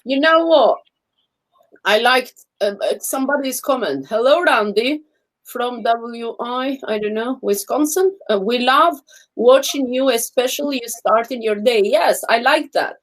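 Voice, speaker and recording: Woman chatting on a live stream, kinda high voice, a bit halting. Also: lively intonation, rough recording. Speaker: co-host. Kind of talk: casual live chat.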